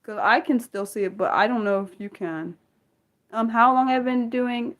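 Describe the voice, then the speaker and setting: A woman with a slightly high voice and moderate pace answers viewer chat during a casual, unscripted livestream. She rambles and thinks out loud, restarting often and using fillers, while talking straight to viewers and quizzing them.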